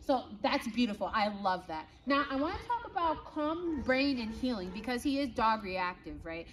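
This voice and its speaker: High-voiced woman dog trainer. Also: very animated. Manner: talks to viewers while praising and commanding her dog; frequent tag questions, brisk and firm. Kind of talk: outdoor training demonstration.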